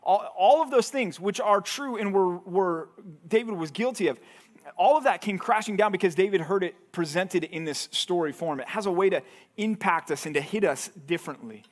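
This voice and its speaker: A man's voice: sits high, lively intonation, moderate pace. A man, a pastor, leading a Bible study in a conversational teaching style, asking his listeners questions and acting out the lines he quotes. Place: church hall.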